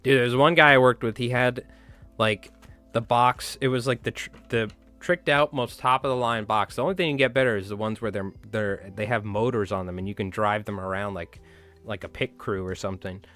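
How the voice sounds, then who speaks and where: Rambling, low-voiced male livestream host. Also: steady tone, fairly quick, pushed and bright, soft background music. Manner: rambling, swearing, chatty, talks to viewers. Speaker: fly tying livestream host. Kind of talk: casual livestream chat while tying.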